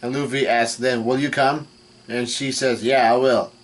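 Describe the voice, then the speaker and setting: In a casual recap while reading, a manga reaction vlogger with a male, mid-pitched voice repeatedly restarts his sentences. He uses plenty of fillers and reads the quoted lines in a flat way.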